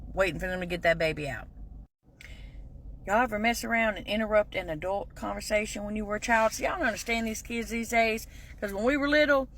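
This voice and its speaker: A woman's voice: mid-range voice, fairly bright tone. A middle-aged woman, telling sassy, folksy stories in a casual comedic monologue. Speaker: vlogger.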